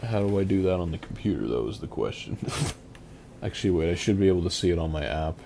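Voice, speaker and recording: Low, mellow-voiced male game streamer. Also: lively intonation, gravelly, a little hiss or hum. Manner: rambling, reads and answers chat aloud, quick chuckles. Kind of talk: casual live-stream chat.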